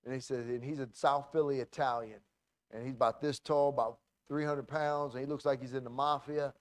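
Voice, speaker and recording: A man pastor telling a story in a sermon, animated and full of restarts and acted-out quotes. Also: medium pitch, a little fast, dry recording.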